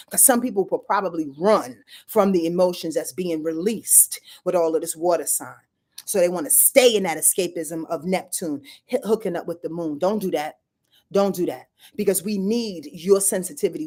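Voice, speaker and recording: A woman's voice: medium pitch, darkish tone. A woman astrologer giving a casual, slangy weekly forecast, talking straight to her viewers, swearing and laughing now and then.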